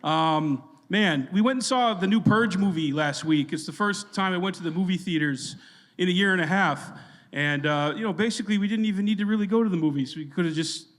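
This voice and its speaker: A man in his thirties riffs through a live comedy podcast on stage, self-deprecating and quick with a joke. His voice sits high for a man and carries a long reverb from a big hall. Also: a bit bright. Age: 30s. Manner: jokey, self-deprecating, riffing with the crowd. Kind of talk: live stand-up banter. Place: legion hall stage before a live audience.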